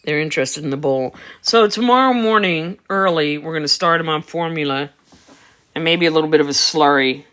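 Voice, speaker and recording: Bright-voiced chatty woman breeder. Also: sits low, fairly quick. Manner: chatty, explains as she goes, answers viewer comments. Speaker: dog breeder. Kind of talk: casual livestream chat. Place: home, beside a whelping box.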